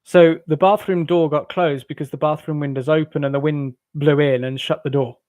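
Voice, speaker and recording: A jovial English man hosts a casual late-night live stream, chatting loosely with his viewers. His voice sits a little on the high side for a man. The sound is close and dry, with no room around it. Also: steady tone, moderate pace, darkish tone, no echo. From England. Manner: jovial, rambling, laughs often. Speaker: livestream host. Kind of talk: casual chat with live chat readers.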